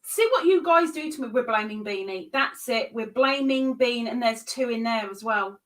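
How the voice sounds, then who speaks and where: A woman's voice: fairly high pitch, moderate pace, a bit bright, far from the mic. A woman hosting a crochet livestream, chatting and laughing at herself as she counts stitches. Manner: giggly, self-mocking, chatting to viewers while counting stitches. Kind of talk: casual live-stream chat while crocheting.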